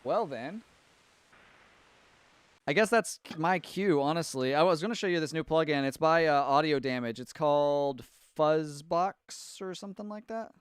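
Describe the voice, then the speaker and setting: A man's voice: a little high, normal speed, clean tone, dry recording, studio quality. A man from Tennessee, hosting a casual live stream about mixing and rambling loosely while he fixes his setup. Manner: rambling, distracted while fixing his setup, frequent fillers.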